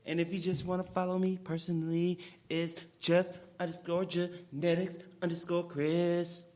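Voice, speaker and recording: A man co-hosting a casual podcast chat, animated and acting out quotes in silly voices. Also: sits high, moderate pace. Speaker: podcast co-host.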